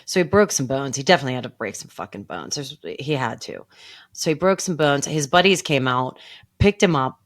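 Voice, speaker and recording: Middle-aged woman podcast co-host with a low, deep voice. Animated storyteller. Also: brisk. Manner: animated storytelling, acts out her own distressed quotes. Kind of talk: casual chat.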